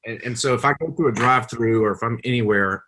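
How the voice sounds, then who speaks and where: A man's voice: mid-range voice, quick pace, fairly bright tone. A man with a Southern accent, chatting as a podcast guest and telling stories with lots of fillers. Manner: chatty storyteller, many fillers. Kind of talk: casual chat.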